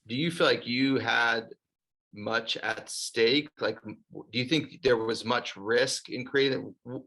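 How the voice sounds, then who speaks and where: A man's voice: on the low side, vocal fry, a bit bright. A man hosting an interview, reflecting on the answers in an encouraging way and asking long questions. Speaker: interviewer, host.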